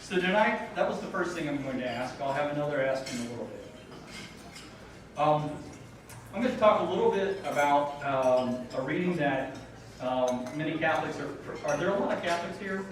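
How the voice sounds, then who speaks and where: A man on the school board gives a casual speech from a podium at a dinner gala in a large banquet hall, using ums and self-deprecating jokes. His voice is slightly high with lively intonation at normal speed. The podium mic is heard from afar in a very echoey hall, with noisy background and clattering cutlery and dishes.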